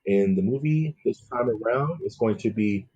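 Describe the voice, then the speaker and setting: A laid-back man hosts a podcast with a husky, somewhat low voice. He keeps things loose and jokey, peppering his casual chat with "man" and "dude". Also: moderate pace, dark tone, highs cut off. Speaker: podcast host.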